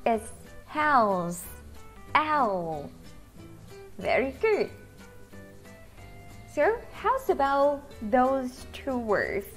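Slow sing-song Vietnamese teacher woman. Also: high voice, sing-song, faint music behind. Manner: slow, sing-song teacher talk, drawing out vowel sounds. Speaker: English teacher. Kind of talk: children's pronunciation lesson.

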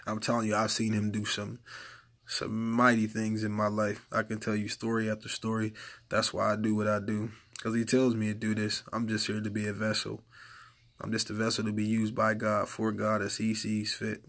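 Guy with a lowish voice preaching casual to the camera, earnest, keeps urging and repeating himself. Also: monotone, moderate pace, a bit bright. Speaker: lay preacher.

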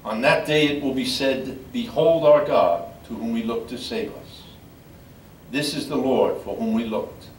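An older man, a priest, reading scripture in a measured, solemn way at a memorial service. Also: mid-range voice. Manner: measured solemn reading, halting when speaking freely. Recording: echoey room from far off, faint background noise.

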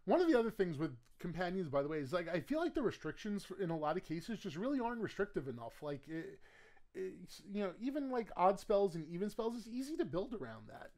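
A man chatting casually while opening trading card packs. He rambles with many fillers and restarts, laughs often, and erupts into loud excitement. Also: high-pitched, brisk. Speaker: card game collector opening booster packs. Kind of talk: casual pack-opening commentary.

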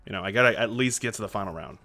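A man streaming a video game live, reacting excitably and chatting to his viewers. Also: on the low side, very fast, faint music behind. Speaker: Twitch streamer.

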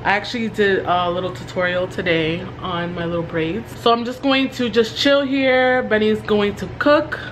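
A woman's voice: medium pitch, noisy background. A young woman vlogging in a chatty, casual way, with slang and frequent laughs. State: stuffy nose. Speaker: beauty vlogger. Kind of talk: casual vlog narration.

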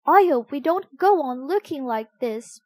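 A woman voicing a doubtful, questioning young boy in a storybook, a bit louder than her narration. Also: sits high, expressive, unhurried, dry recording, studio quality. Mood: puzzled. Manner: louder, puzzled.

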